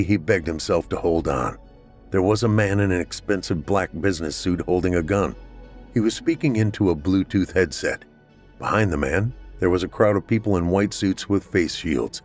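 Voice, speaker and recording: A man narrating a scripted horror story in a steady, measured way. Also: deep voice.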